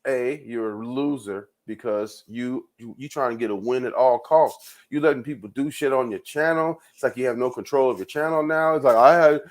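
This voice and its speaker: On his own show, this host rants loosely with hardly any pauses, speaking at normal speed in a medium-pitched voice. He rambles and repeats himself, peppering his talk with profanity and frequent laughter.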